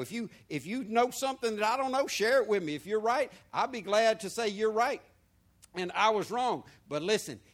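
Animated preacher man, fairly high voice. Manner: lively preaching with swings from soft to loud. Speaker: pastor. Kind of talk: sermon.

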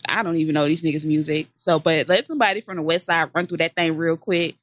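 A woman co-hosting a comedy gossip podcast in casual chat, loud and laughing often. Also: sits low, fairly even intonation, fast, no room sound. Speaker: podcast co-host.

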